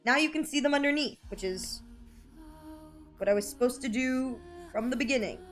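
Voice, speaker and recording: A woman's voice: high voice, moderate pace, faint music behind. A young woman chatting casually on a live art stream, giggly and playfully anxious as she talks to her chat.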